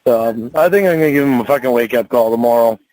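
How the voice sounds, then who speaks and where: A man's voice: mid-range voice, quick pace, a little mellow, dry recording, low-quality recording. A man who drives trucks, arguing at home, swearing constantly and stumbling over his words. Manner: profane, rambling, stumbling restarts. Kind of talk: heated domestic argument.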